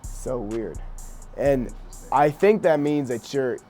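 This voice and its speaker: A man's voice: medium pitch, animated, takes it slowly, warm tone, soft background music. A young man and actor chatting casually, easygoing, often saying "so, yeah". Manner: easygoing, says "so, yeah" a lot. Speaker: actor and co-host asking questions. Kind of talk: casual chat.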